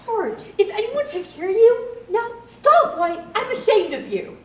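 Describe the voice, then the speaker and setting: A woman's voice: sits high, slow pace, heavily acted. A young woman in a school play, acting a stern mother who scolds her grown son. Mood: scolding. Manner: scolding, lively stage delivery. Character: stern, flustered mother of the groom. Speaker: student actor in a school play. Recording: distant stage voice, echoey hall, noisy.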